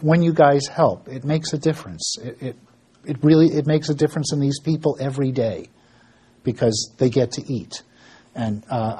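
Man, mellow husky voice, casual ministry storyteller, halting with fillers. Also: medium pitch. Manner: storytelling with frequent fillers and restarts; acts out dialogue in quoted voices. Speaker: ministry worker giving an update. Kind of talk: informal spoken ministry report.

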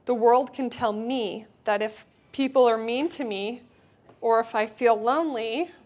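A woman's voice: a little high, unhurried, darkish tone. Earnest woman giving a devotional talk. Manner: earnest, conversational, with filler words. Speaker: speaker addressing a church community. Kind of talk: devotional talk and read-aloud storybook.

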